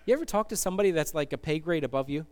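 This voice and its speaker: High-voiced, smooth male pastor preaching. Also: lively intonation, racing. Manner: conversational, jokey, rising to fervent emphasis. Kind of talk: sermon.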